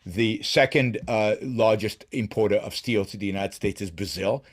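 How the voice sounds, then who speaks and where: A man's voice: fairly low pitch, moderate pace. A middle-aged man hosting a solo political commentary show, talking emphatically with frequent restarts and repeated words. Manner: emphatic, with many restarts and repetitions. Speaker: show host.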